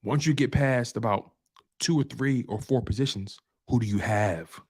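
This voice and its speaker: A man's voice: medium pitch, normal speed, darkish tone, husky. A man hosting a live-streamed football show, talking in an emphatic, repetitive trash-talk style full of slang. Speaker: sports show host.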